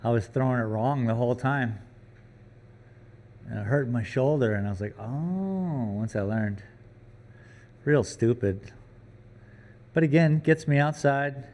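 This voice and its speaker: A chatty man talks loosely on a live stream from a gallery workroom. He jokes freely, teases his puppy and answers viewers in an easy, offhand way. His voice sits at an ordinary middle pitch. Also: measured pace, pauses often, a little mellow. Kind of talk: casual live-stream chat.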